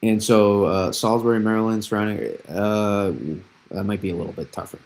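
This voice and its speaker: A man's voice: fairly low pitch, steady tone, brisk, a little mellow, rough recording. A young man hosting a live weather analysis stream, explaining patterns with repeated phrases and frequent restarts. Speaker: weather forecaster, host.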